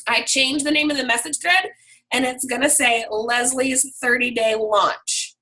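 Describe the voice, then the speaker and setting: A hoarse woman leading her sales team on a video call, talking in a chatty, upbeat and loose way. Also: on the high side, bright, forceful tone, low-quality recording. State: hoarse, frog in throat.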